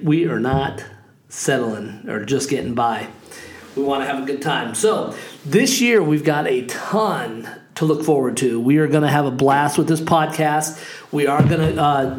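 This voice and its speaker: Upbeat rambling man in his forties. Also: mid-range voice. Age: 40s. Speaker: podcast host, real estate agent. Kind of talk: casual monologue.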